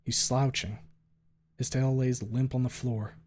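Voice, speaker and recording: A man streaming a dramatic first-person story reading in a quiet, subdued voice. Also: mid-range voice, flat delivery, a little slow.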